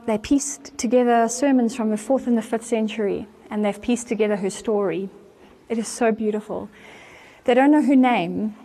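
A woman preaching from a church stage, retelling an old story with earnest conviction. Her voice sits at a middle pitch. She tells the story in an animated way and brings quoted voices to life as she goes. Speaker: church speaker. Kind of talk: storytelling sermon.

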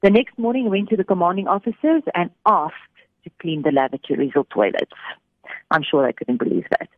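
Lively woman telling a radio story. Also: lowish voice, fairly quick, no room sound. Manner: animated storyteller, voices quotes. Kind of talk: faith story told on radio. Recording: thin phone-like radio sound.

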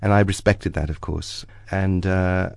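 A South African man with a very low voice speaks as a guest on a radio show, telling stories about his films. He pauses on ums and restarts his phrases. The studio sound is close and dry. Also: steady tone, gravelly, darkish tone, dry recording. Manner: reflective, anecdotal, with frequent ums and restarts. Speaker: guest film director. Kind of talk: casual radio interview. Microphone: studio microphone.

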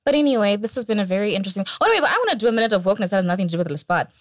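A woman from Zimbabwe co-hosting a podcast, playful and teasing, with quick asides. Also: mid-range voice, big pitch swings, dry recording, clean studio sound. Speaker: podcast co-host. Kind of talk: casual chat. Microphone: shared mic passed around.

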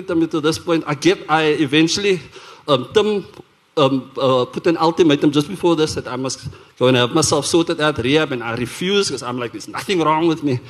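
A man with a South African accent, a worship leader telling his testimony in a church sermon, earnest and animated, often restarting his sentences. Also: on the high side. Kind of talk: sermon testimony told as a story. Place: church service.

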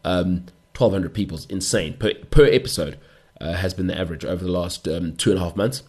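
Guy with a low voice, hosting his own pod, rambly and jokey, acts fake outraged. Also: a little fast, darkish tone, slightly rough. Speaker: podcast host. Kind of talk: solo comic chat.

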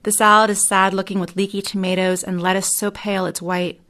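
Woman, novelist, literary reading, measured, even delivery. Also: mid-range voice. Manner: measured, second-person narration. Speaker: novelist reading her fiction.

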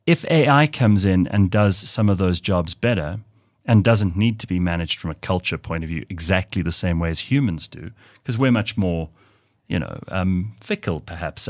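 Thoughtful low-voiced male interviewer. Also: animated, measured pace, dry recording, clean studio sound. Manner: thoughtful, long winding questions with fillers. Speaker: interview host. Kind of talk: conversational interview.

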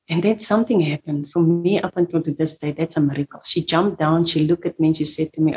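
Woman telling her story, low steady voice, stops and repeats herself, lots of uh and you know. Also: highs cut off. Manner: halting, repeats words, spoken fillers. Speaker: survivor guest. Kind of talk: emotional personal testimony.

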